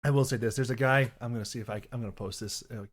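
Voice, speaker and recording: A young man with a medium-pitched, fairly even voice talks very fast while hosting a casual podcast stream. He rambles, self-corrects mid-sentence, and slips into loud mock voices from time to time.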